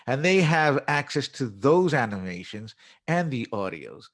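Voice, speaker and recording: A man's voice: mid-range voice, very animated, measured pace. A man who is an English teacher and musician, explaining his method in a conversational interview and acting out classroom phrases as he goes.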